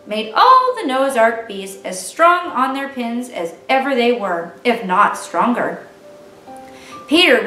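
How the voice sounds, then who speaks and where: A woman reading a children's book aloud with an expressive, animated delivery. Her voice is fairly high and very lively in pitch. The sound is roomy and distant, with faint music underneath. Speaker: children's ministry reader. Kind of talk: storybook read-aloud for children.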